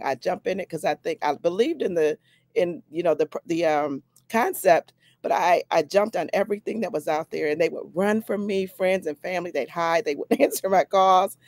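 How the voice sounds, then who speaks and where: Chatty woman with a low voice, dry sound. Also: darkish tone, no room sound. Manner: chatty, laughs often, repeats herself. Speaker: guest on a live company update. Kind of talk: casual personal testimony.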